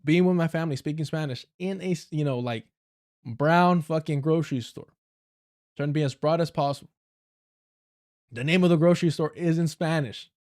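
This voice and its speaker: With long pauses, normal speed and a fairly high, slightly mellow voice, a Southern Californian man hosts a livestream. His accent marks him as from Southern California, United States, and his casual talk is blunt, profane and peppered with laughing asides.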